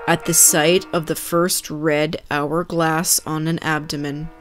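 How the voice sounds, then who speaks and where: A woman reads scary stories aloud in a calm, measured way. Her voice sits low for a woman, with faint music under it. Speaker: narrator. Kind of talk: scripted narration of scary stories.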